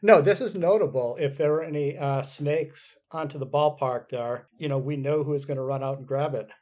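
A man's voice: on the high side, normal speed, a little mellow. A man hosting a podcast, asking questions in a chatty way and laughing easily. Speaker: podcast host. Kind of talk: casual podcast interview.

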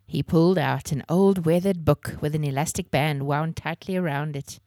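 A woman's voice: sits low, fairly even intonation, moderate pace, hardly any pauses, a little mellow, dry recording, studio quality. A woman hosting a children's podcast and reading a novel aloud. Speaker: podcast host and reader.

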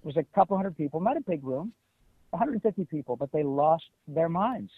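A middle-aged man from Detroit, telling stories as an interview guest in an animated, emphatic way. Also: fairly high pitch, fairly quick, breathy edge, no echo. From Detroit, USA. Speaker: guest voice actor. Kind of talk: casual interview. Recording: tinny phone-like line.

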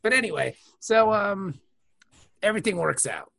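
A woman's voice: mid-range voice, animated, normal speed, vocal fry, fairly bright tone. A woman co-hosting a casual podcast, rambling and thinking aloud about a show. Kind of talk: casual chat.

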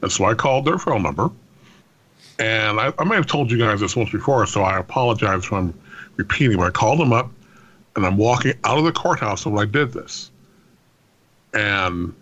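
A man who works as a lawyer telling a story on a podcast in a wry, measured way, now and then swearing and laughing. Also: mid-range voice, a bit bright, dull audio. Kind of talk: casual storytelling chat.

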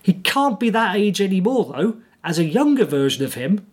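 Guy cohosting a podcast, husky voice, dry wry delivery, reads his bits. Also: high-pitched, big pitch swings, normal speed. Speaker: podcast co-host. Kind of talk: casual chat with scripted segments.

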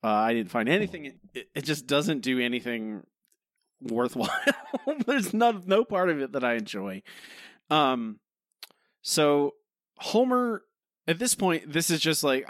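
A man's voice: fairly high pitch, big pitch swings, measured pace, dry recording, studio quality. A man co-hosting a podcast, critiquing an episode in rambling, casual chat full of fillers and restarts. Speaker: podcast co-host.

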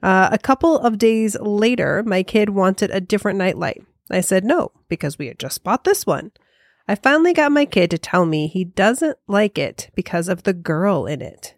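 A woman co-hosting a podcast in casual chat, playful and quick to laugh as she reads listener mail. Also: mid-range voice, expressive, dry recording, clean studio sound. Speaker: podcast co-host.

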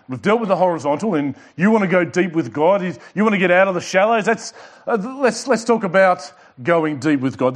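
A man preaching from the pulpit, his voice sitting a touch higher than most men's. He drives home points with emphatic repetition and measured pauses, stressing key words as he teaches. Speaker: pastor. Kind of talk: sermon.

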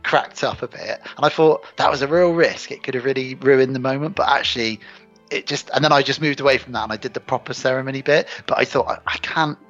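A man's voice: mid-range voice, fast, soft background music. A man chatting casually on a film podcast, telling stories and acting out quotes with energy. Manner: animated, acts out movie quotes. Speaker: podcast host. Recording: dull lo-fi podcast audio.

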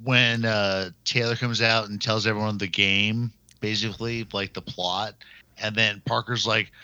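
A man in casual chat as a podcast co-host, rambling and crude, slowing down to quote lines. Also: on the low side, flat delivery, sharp tone, clear, resonant tone, dry recording, highs cut off.

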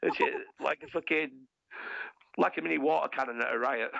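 A man with a gravelly, bright voice tells a crude anecdote, swearing freely. The recording is dry and dull, like lo-fi podcast audio. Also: a little high, brisk, no room sound. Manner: bawdy, swearing, laughing through his story. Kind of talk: casual storytelling.

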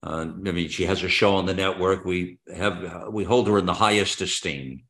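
A man's voice: deep voice, normal speed, a bit bright. A man hosting a talk radio interview, speaking fervently and patriotically with rambling restarts. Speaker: radio host.

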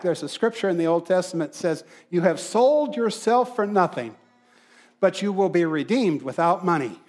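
A man preaching a sermon in a notably high voice. He leans hard on key phrases, repeating them for emphasis, then eases into quieter asides. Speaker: pastor.

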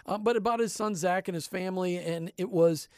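Fast-talking male radio host. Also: sits high, darkish tone, smooth, dry recording, studio quality. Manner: quick, rambling, joking. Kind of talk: casual radio chat. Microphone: studio microphone.

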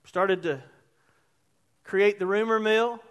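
A man's voice: sits high, slow pace. A male pastor preaching a sermon in a conversational, emphatic way, weaving in personal stories.

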